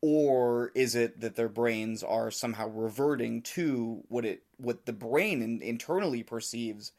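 A man's voice: medium pitch, a little slow, a little mellow. Man, podcast co-host, casual, thinks aloud, poses questions. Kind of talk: casual conversational discussion.

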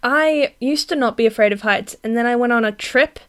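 A woman with a slightly high voice co-hosts a podcast in easy, casual conversation. She jokes around in a playful way and laughs easily. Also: brisk, a bit bright, smooth. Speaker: podcast co-host. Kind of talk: casual chat.

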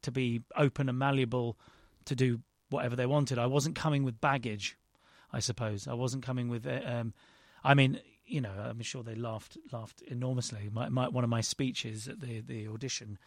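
A man's voice: medium pitch, steady tone, normal speed, few pauses, no echo, clean studio sound. A man, a guest in an interview, telling a rambling, self-deprecating story with frequent restarts. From London, England. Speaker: actor and director guest. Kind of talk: casual interview chat.

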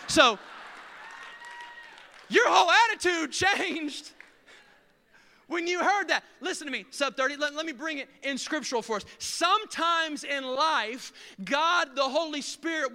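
A man's voice: very high voice, moderate pace, pushed and bright, in a large hall. A male pastor preaching a sermon, telling stories animatedly and acting out the scenes.

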